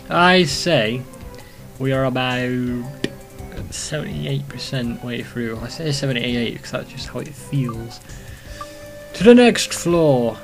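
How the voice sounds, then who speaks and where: Young man, let's play commentary, fairly high voice, swearing, excitable, rambling, soft game music behind. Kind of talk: casual gameplay commentary.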